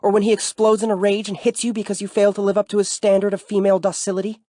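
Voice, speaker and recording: A man voicing a sharp, guarded young woman lecturer who talks quickly and defensively, as an audiobook character. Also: high voice, monotone, no echo, clean studio sound, pitched above the performer's own voice, natural voice. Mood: bitter.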